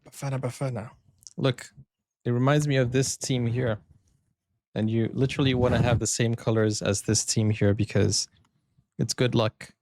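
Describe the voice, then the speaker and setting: A man from Brazil hosting a sports reaction video, chatting excitedly and often stumbling and restarting his sentences. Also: medium pitch, normal speed, no room sound, clean studio sound. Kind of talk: casual reaction commentary.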